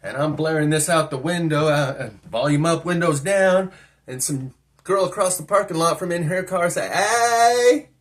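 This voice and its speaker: Higher-voiced man telling a rambling story. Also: normal speed, fairly bright tone. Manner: rambling, musing, questioning. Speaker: vlogger. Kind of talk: casual storytelling monologue.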